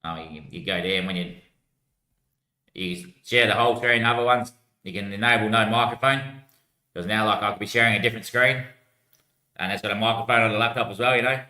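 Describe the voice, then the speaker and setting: Sharp-voiced rambling man in an echoey room. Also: lowish voice, brisk, pauses often. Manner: rambling, slangy, swears often, calls everyone mate. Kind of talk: casual rambling livestream chat.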